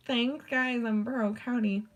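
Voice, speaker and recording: Her voice sits fairly high, with a steady tone and a slow pace. This vlogger rambles through a casual chat, leaning on "like" constantly and swearing casually.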